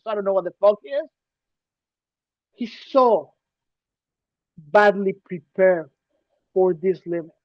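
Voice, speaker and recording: A man's voice: sits high, dry recording. Ranting man on a dull, dry podcast mic. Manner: emphatic, ranting, shifts loud to soft. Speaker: podcast co-host. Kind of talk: casual podcast chat.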